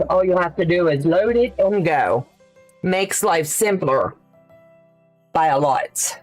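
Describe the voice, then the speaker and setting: Slow, chatty woman quilting live. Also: on the low side, lively intonation, darkish tone, soft background music. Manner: chatty, thinks aloud with fillers, answers viewer questions. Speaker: quilting livestream host. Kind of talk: casual live sewing demonstration.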